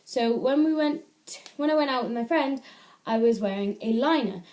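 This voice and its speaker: A woman's voice: on the high side, normal speed, a little mellow, a little hiss or hum. A teenage girl from the UK chatting casually into an iPad camera at home, rambling and correcting herself as she gives advice. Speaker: vlogger.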